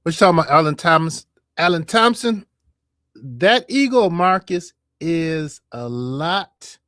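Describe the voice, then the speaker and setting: A man's voice: fairly high pitch, big pitch swings, a little slow, sharp tone, dry recording, clean studio sound. A man hosting a live call-in stream, bantering casually and bringing callers on. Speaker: show host.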